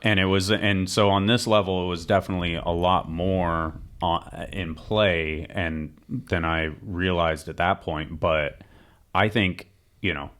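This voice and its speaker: A man's voice: deep voice, steady tone, measured pace, fairly bright tone. A man hosting a studio chat, talking in a rambling way with many fillers. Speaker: podcast host. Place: podcast studio.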